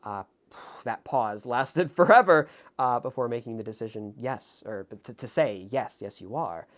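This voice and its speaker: A man hosting his own film review video, talking to camera in a reflective, halting way with many fillers and restarts, earnest and openly moved. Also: medium pitch, a bit bright. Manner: ornate formal sign-off. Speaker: film review channel host. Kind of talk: casual spoken film commentary to camera. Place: indoors in front of a camera.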